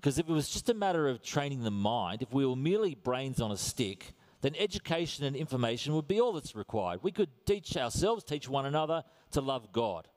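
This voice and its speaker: A middle-aged man with an Australian accent delivers a sermon in an easygoing, anecdotal manner. His voice sits at an ordinary male pitch, and he slips self-deprecating humor into his teaching. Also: very animated, a little fast, few pauses, a little mellow. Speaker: preacher.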